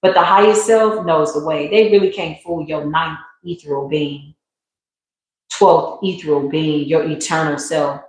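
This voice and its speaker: A woman giving a live spiritual tarot reading in a slangy, emphatic, preacherly way. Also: deep voice. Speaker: tarot reader. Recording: very echoey room.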